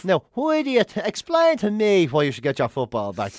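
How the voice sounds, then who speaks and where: An Irish man co-hosting a podcast, telling stories in casual chat, swearing freely and acting out his own shouting. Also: high voice, huge pitch swings, brisk, dry recording, clean studio sound. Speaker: podcast co-host.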